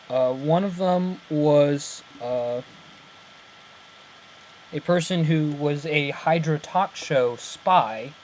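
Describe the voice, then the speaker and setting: A man's voice: on the high side, darkish tone, slight background noise, poor audio. Rambling, giggly young man. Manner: rambling and self-correcting, laughs at himself. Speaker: channel host breaking down an episode. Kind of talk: casual chat.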